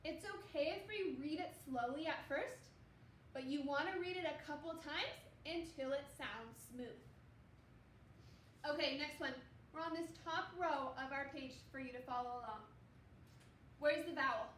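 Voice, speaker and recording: A woman teaches a reading lesson to second graders, taking each step slowly and patiently. Her voice sits high and encouraging. She sounds a little away from the mic, in a roomy space with a faint hum behind her. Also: a bit bright, recorded from a distance. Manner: slow, patient, encouraging explanations.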